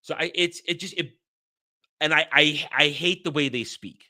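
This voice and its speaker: A man in his thirties or forties rants straight to his audience, exasperated and mocking, tripping over his own words as he restarts. His voice sits a little high and sounds sharp and tense. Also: normal speed. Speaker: host. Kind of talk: casual commentary rant.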